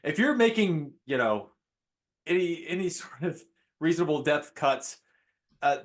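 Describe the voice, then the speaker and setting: A man's voice: fairly high pitch, lively intonation, unhurried. A man as a guest on a casual podcast, explaining things in a hedging, roundabout way. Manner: hedging, many fillers and restarts when explaining.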